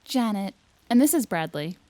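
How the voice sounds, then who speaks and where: A woman's voice: mid-range voice, sing-song, moderate pace, warm tone, dry recording. Woman reading a visual novel aloud. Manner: reads narration evenly, laughs between lines. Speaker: let's player.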